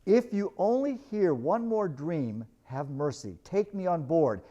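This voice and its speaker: Wild-eyed castaway, frantic and pleading, read by a man in a raised, lively voice. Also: sits high, measured pace, muffled recording, pitched above the performer's own voice, full character voice. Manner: frantic, pleading, repeating words. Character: wild terrified man marooned on a dark island.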